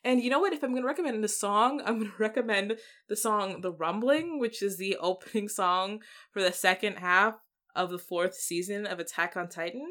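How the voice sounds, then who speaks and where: Animated woman podcast co-host. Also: mid-range voice, moderate pace. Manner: animated storyteller, acts out her own lines. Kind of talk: casual chat.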